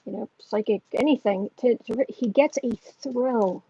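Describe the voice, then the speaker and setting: This tarot reader runs a livestream, talking casually and earnestly with viewers and reading their comments, though she wanders and keeps starting over. Her voice is a bit high, gravelly, mellow and somewhat rough, at a moderate pace. The sound is dull and lo-fi.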